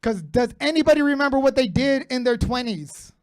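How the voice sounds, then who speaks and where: A man's voice: very high voice, expressive, a little fast, darkish tone, smooth. A man in his thirties doing a profane stand-up comedy set, bantering brashly with the crowd. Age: 30s. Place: comedy club stage with live audience.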